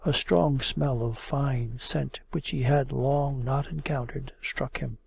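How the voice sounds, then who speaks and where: A man narrating a classic novel as an audiobook, measured and expressive. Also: medium pitch, creaky, husky.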